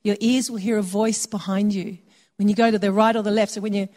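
A woman's voice: medium pitch, level tone, fairly quick, mellow. A woman preaching a sermon in a conversational way, slipping into quoted voices for little asides. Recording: long hall reverb.

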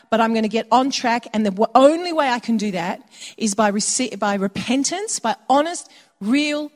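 A woman preaching a sermon in a conversational way, slipping into quoted voices for little asides. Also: on the high side. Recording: long hall reverb.

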